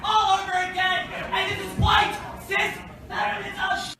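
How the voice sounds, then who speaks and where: A woman protester shouting accusations in a heated argument. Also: very high voice, completely flat delivery, a little slow, faint music behind. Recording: far-off echoey crowd recording.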